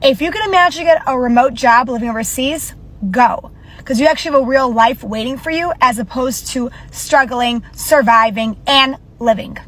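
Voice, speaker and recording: A woman's voice: high-pitched, moderate pace, fairly bright tone. A woman vlogging an emphatic, incredulous rant about the cost of living, with some swearing. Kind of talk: passionate rant to camera.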